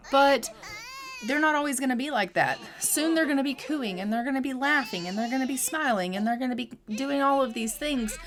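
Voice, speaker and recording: A woman's voice: a little high, fairly bright tone, lightly acted. A woman voicing a devoted young father in a life-simulation game, talking in a heartfelt, rambling way. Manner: heartfelt, rambling, speaks in run-on lists. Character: earnest young sim dad, devoted new father.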